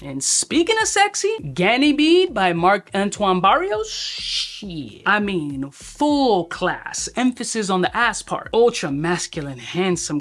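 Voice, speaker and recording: A man reviewing fragrances in a casual vlog, talking in profane, slangy hype with sudden excited jumps in his voice. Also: high-pitched.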